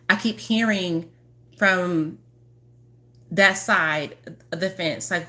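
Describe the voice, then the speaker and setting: A woman's voice: medium pitch, slow pace, pushed and bright. A woman healer giving a chatty, urgent astrology reading to camera, repeating herself for emphasis and acting out what her viewers feel. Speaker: spiritual healer.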